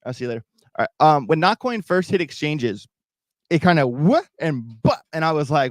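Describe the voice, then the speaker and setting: This male crypto YouTube host has a voice on the high side and a sing-song delivery at a moderate pace. During his livestream he talks to viewers in a casual, rambling manner, frequently restarting and repeating. The clean studio recording carries no echo.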